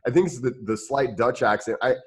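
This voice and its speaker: A man's voice: medium pitch, a little fast, breathy edge. A man from Indiana with a rural Midwestern American accent, hosting a podcast interview in a rambling, easygoing way full of restarts and fillers. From Indiana, United States. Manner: rambling, many restarts and fillers, laughs easily. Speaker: podcast host. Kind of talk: casual interview chat.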